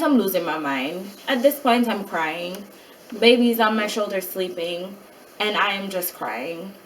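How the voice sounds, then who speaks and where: A mother in a casual vlog, retelling a hospital night in an animated way and acting out what other people said. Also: fairly high pitch, recorded from a distance, slight background noise, poor audio. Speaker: mother of a child with a rare syndrome.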